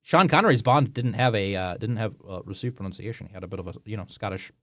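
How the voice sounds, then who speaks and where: A man co-hosting a live talk show in casual chat, relaxed and reflective, trailing off softly. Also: lowish voice, fast talker, dry recording, clean studio sound.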